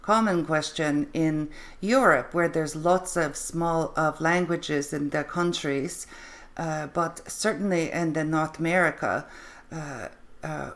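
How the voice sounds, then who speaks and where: Slow low-voiced woman hosting. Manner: halting, many fillers and restarts. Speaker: host.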